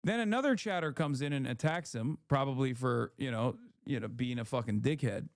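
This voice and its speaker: Male streamer, sardonic, reads chat in mocking voices, smooth and crisp, dry close mic. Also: medium pitch, a little fast, no room sound. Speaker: streamer reading ban appeals. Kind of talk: casual livestream chat.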